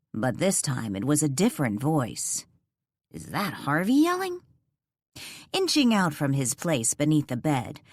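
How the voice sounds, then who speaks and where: A woman narrating a ghost mystery audiobook in a measured, suspenseful way on a close studio mic. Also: sits low, a little mellow, no echo. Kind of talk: scripted narration.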